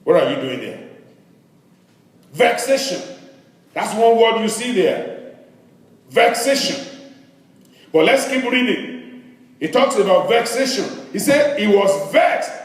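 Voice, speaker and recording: High-voiced pastor preaching in echoey hall. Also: male voice, lively intonation, takes it slowly, long pauses. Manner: preaching with rhetorical questions to the congregation. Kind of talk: sermon. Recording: echoey hall, distant mic.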